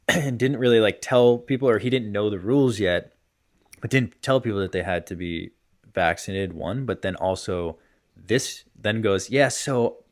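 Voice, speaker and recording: رجل شاب يحكي قصة بأسلوب متشعب، صوت منخفض قليلاً. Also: male voice, fairly low pitch. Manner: rambling storyteller, many fillers like "whatever" and "blah, blah". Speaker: podcast co-host, hockey player. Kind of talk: casual podcast chat.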